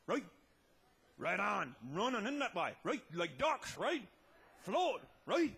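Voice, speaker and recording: A man telling a tall tale as a comedy monologue, loud and laughing, often breaking into shouts. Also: very high voice, slight background noise. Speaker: comic storyteller.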